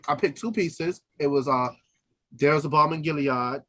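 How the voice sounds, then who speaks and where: A man's voice: fairly high pitch, moderate pace, a bit bright. A man who is an opera singer, co-hosting a podcast in casual chat, laughing easily and trailing off and restarting as he tells stories. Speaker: podcast co-host.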